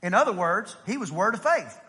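This is a middle-aged man preaching in a church sanctuary. His voice sits very high and rings bright and forceful. He keeps checking in with the congregation and acts out little voices, and a long hall reverb trails every phrase. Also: a little fast. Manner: animated preaching with rhetorical questions and acted-out voices. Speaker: pastor. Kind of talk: sermon.

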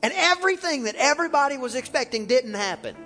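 A man preaches with fervor in a high, ringing voice, pushing toward shouts and calling for the crowd to repeat after him. His words hang in a long church reverb, and soft music plays underneath. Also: lively intonation, fast. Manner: fervent preaching, rising to shouts, calls for congregation responses. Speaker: pastor. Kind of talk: sermon. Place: church sanctuary.

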